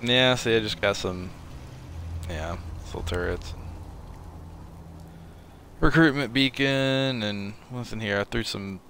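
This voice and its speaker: A man's voice: fairly low pitch, slow, creaky, long pauses, fairly bright tone, slight background noise. A man giving casual, rambling commentary while playing a game and chatting. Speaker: gameplay streamer.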